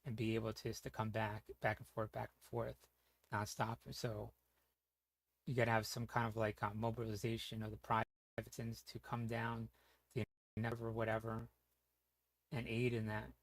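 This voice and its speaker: Gravelly-voiced man rambling casually. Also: on the low side, monotone, normal speed, no echo. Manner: rambling, lots of fillers and restarts; swears casually. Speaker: streamer.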